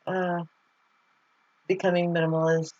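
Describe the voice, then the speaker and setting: A woman's voice: lowish voice, level tone, unhurried, a little mellow. Chatty woman rambling on a muffled call. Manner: chatty and rambling, laughs often. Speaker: livestream host. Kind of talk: casual live chat, reading viewer comments aloud. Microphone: video call. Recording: slightly muffled video call audio.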